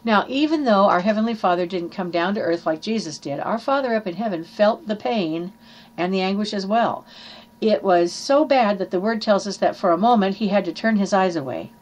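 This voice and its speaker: A woman's voice: medium pitch, fairly quick, a little mellow. Earnest woman preaching a sermon. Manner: earnest, teaching, reads scripture aloud with small slips.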